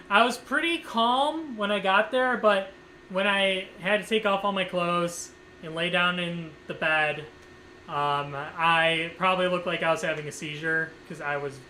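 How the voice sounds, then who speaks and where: A man with a high, bright, ringing voice tells a story casually to his viewers. He rambles, leans on filler words and swears freely. A faint hum sits under the recording. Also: rough recording. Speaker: streamer.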